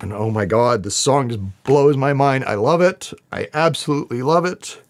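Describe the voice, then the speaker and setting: A man speaks straight to his camera about song lyrics that move him deeply. His voice sits at an ordinary, mid-range pitch. He talks earnestly and spiritually, and breaks into laughs often. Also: normal speed, few pauses. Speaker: vlogger reacting to song lyrics. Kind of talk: heartfelt lyric reaction commentary.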